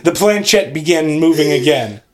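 Man, podcast host, theatrical spooky story reading, slightly higher voice, builds suspense. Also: animated, normal speed.

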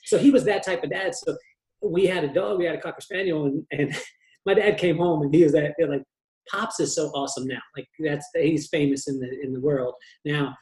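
Animated man telling stories, higher voice. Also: a little fast, roomy sound, poor audio. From California. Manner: animated, joking, acts out family members' voices. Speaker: guest hairdresser. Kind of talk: storytelling in a podcast interview.

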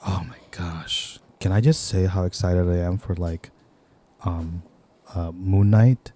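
A man's voice: sits low, fairly even intonation, unhurried, mellow. A man co-hosting a podcast, rambling casually with many fillers and restarts. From Philippines. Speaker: podcast co-host. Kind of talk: casual chat.

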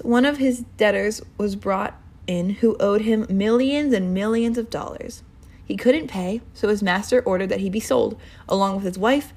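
A woman's voice: mid-range voice, darkish tone. A woman giving an informal, earnest sermon, casual and rambling, with many fillers and restarts. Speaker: Bible teacher.

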